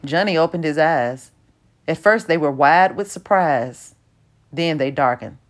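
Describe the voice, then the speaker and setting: Reading an audiobook in a low voice, a woman keeps her delivery steady and even. Her storytelling manner is unhurried.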